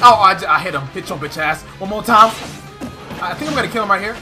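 A young man giving excitable gameplay commentary, loud and trash-talking, often shouting and laughing. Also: high-pitched, fast talker, faint music behind. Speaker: gaming commentator.

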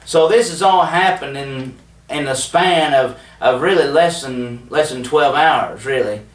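A man's voice: medium pitch, measured pace. Folksy male Bible teacher, roomy echo. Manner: folksy, plainspoken, with frequent fillers and restarts. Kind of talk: televised Bible study teaching. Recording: roomy echo, voice a bit distant from the mic.

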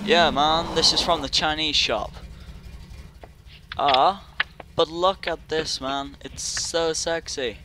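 Excitable young gamer, slow talker. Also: male voice, on the high side, noisy background. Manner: excitable, yelps and laughs at the game. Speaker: gaming YouTuber. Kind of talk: casual gameplay commentary.

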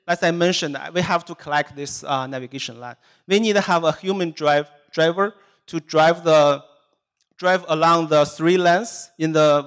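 A man, a software engineer, giving a technical presentation at a meetup, explaining his points in a steady, methodical way. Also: fairly high pitch, clear, resonant tone.

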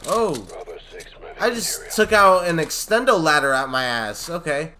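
A man doing loud, jokey gameplay commentary, yelling, swearing and acting scared, with game music underneath. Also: high voice, sing-song, slow. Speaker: gaming YouTuber playing a shooter campaign.

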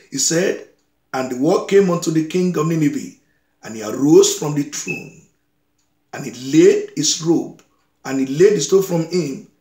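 Exhorting preacher in an echoey room. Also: male voice, a little high, darkish tone. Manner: exhorting, repeats phrases, prays over listeners. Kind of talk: sermon with scripture reading.

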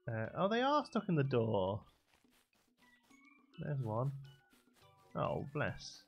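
A man's voice: medium pitch, huge pitch swings, slow, husky, muffled recording, faint music behind. A man streaming a farming game, chatting and thinking aloud as he plays. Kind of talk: casual gameplay commentary.

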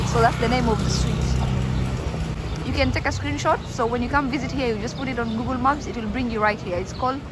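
A woman casually vlogging while walking through an outdoor street market, talking to a handheld camera with lots of "like" fillers. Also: fairly high pitch. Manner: chatty, many "like" fillers. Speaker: vlogger showing shops. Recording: phone vlog with loud street noise. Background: street ambience and traffic.

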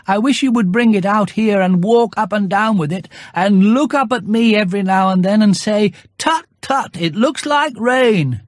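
A reader voicing Winnie the Pooh, a gentle, anxious, honey-loving teddy bear, talking in a slow, earnest, musing way. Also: mid-range voice, dry recording, clean studio sound, voice pushed up, lightly acted.

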